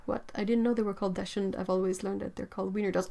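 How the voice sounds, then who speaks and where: Chatty expressive woman. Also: mid-range voice, very fast, vocal fry. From Quebec, Canada. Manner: chatty and expressive, exclaims and laughs often. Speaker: livestream host. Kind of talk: casual livestream chat reading viewer comments.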